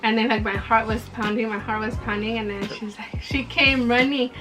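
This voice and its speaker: A woman's voice: on the high side, fairly even intonation, normal speed, hardly any pauses. A young woman casually telling a personal story, full of "like" fillers and acted-out dialogue. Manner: chatty, many "like" fillers, reenacts dialogue. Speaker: vlogger. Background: background music.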